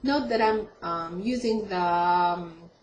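A woman giving a casual online language lesson, hesitating often with ums and self-corrections and repeating each word slowly for her students. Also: on the low side, a little mellow, dull audio. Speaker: language teacher. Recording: echoey room with faint ambient noise.

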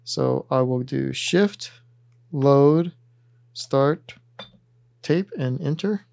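A calm man walks through a hardware synth tutorial one button at a time, with a methodical, patient pace of explanation. His voice sits at an ordinary middle pitch. The sound is dry and close, with no room around it. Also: very slow, vocal fry, dry recording. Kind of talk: step-by-step instructional demonstration.

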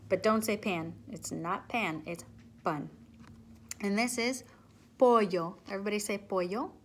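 A woman teaching children, speaking patiently and pausing so they can repeat each word after her. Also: mid-range voice, a bit bright. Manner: slow, patient, drills words and waits for repeats. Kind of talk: recorded classroom lesson, call and repeat.

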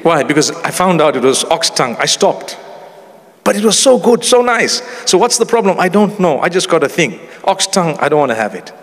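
A middle-aged man delivering a sermon, his pitch high and swinging widely as he speaks. He talks in a humorous, conversational way with Arabic phrases mixed in, and a long reverb trails after each word. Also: sing-song, fairly quick. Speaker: Islamic preacher.

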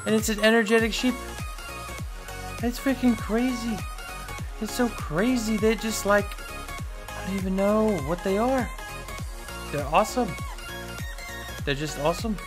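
A young man giving casual, goofy let's-play commentary, chatting excitedly with his viewers. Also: sits high, measured pace, long pauses, over music. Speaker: gaming YouTuber.

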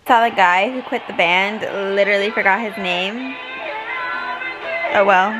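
A woman's voice: medium pitch, slow pace, pauses often, music in the background, rough recording. A young woman reacting to a TV finale, gasping and gushing over each scene. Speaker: reaction vlogger. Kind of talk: emotional TV reaction commentary.

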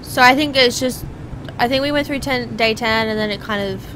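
A woman's voice: on the high side, normal speed, background noise. A woman giving casual let's-play commentary, chatting and reading game lines aloud with mock-stern asides. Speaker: gaming channel host.

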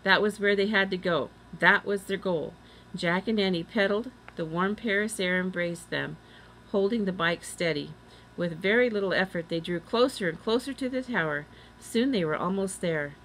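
Bright-voiced woman reading a storybook. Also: mid-range voice, moderate pace, a little hiss or hum, low-quality recording. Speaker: reader. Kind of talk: storybook read-aloud.

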